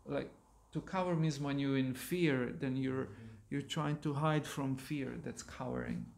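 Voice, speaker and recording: A man, a monk giving a sermon, reading a story aloud and pausing to explain words to his listeners, in a temple hall. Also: medium pitch, fairly even intonation, gravelly, darkish tone. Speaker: monk lecturer.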